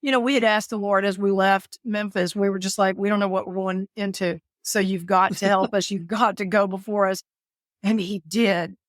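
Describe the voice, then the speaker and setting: At a moderate pace, a Southern caregiver and author narrates a story during an interview, animated and theatrical, switching to sudden high voices to quote herself. It's a dry, studio-quality recording.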